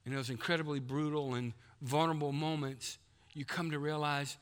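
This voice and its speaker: Folksy pastor, fairly high voice, preaching in a big echoing sanctuary. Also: male voice, fairly even intonation, moderate pace, clean tone. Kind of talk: sermon. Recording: long hall reverb.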